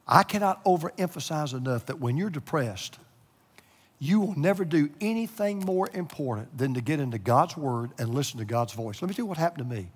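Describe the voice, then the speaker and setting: A middle-aged male pastor preaching a sermon, moving between hushed, near-whispered lines and loud, emotional passages. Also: on the high side, animated, brisk, husky. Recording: echoey hall with long reverb.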